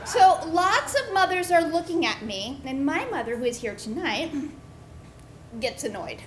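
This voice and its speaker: A woman telling an improvised true story on a pub stage, animated and acting out the voices of the people in it. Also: high-pitched, unhurried, noisy background. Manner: animated, acts out quoted voices. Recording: echoey live room.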